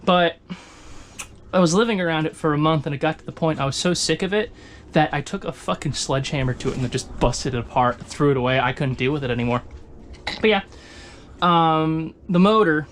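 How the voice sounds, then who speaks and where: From inside his sailboat's cabin, a man with a highish, fairly bright voice briskly walks through the repairs in a casual, rambling, profane way. There's a little hiss or hum in the recording.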